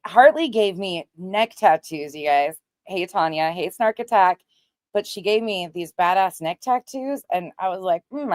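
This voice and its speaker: A woman hosts a casual livestream, greeting viewers by name and chatting bluntly, with the occasional swear word. Her medium-pitched voice is clear and resonant with a darkish tone, and there's no room sound.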